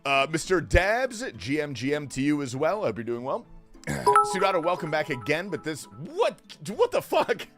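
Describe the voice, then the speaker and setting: A man hosting a casual livestream at home, greeting viewers with joking banter that swings from low murmurs to sudden yells. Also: big pitch swings, normal speed, music in the background. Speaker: livestream host. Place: home, keeping quiet while others sleep.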